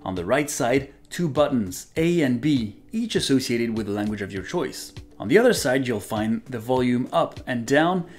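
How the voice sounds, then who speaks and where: Lively multilingual gadget reviewer. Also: mid-range voice, moderate pace, few pauses, soft background music. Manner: lively, switches between several languages while testing. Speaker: product reviewer. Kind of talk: product review demo.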